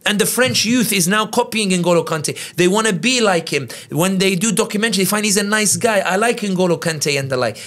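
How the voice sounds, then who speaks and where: A man with a somewhat high voice speaks as a podcast guest, spirited and quick. He breaks into little impressions of the people he quotes. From United Kingdom. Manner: animated, quick, acts out quotes in other voices. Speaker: guest commentator. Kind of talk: conversational analysis.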